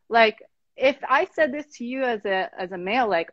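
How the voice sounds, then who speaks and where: Impassioned woman host, high voice. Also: big pitch swings, moderate pace, no echo, dull audio. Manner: impassioned, frustrated, many restarts. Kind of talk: casual chat.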